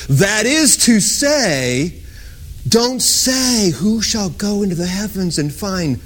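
Impassioned high-voiced male preacher. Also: expressive, slow. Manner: impassioned, swings from loud sung-out lines to hushed whispers. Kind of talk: sermon.

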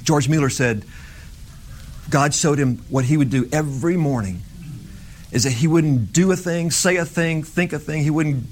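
A man's voice: fairly high pitch, moderate pace, darkish tone. A middle-aged man preaching an informal sermon in a conversational way that builds to fervent emphasis.

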